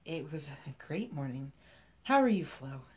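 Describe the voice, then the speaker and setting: A woman voicing a weary young man who pleads tensely at a police front desk, in a low voice. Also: big pitch swings, a little slow, a little mellow. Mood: strained.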